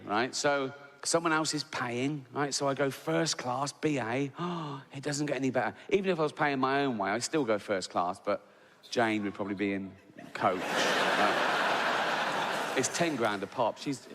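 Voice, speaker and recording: A man's voice: mid-range voice, normal speed, a bit bright, slight background noise. A middle-aged Englishman doing a stand-up set, chatty and sweary, tagging his lines with "right?". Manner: conversational, keeps tagging "right?", swears freely. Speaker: stand-up comedian. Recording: live stage audio in a large reverberant venue with faint ambience.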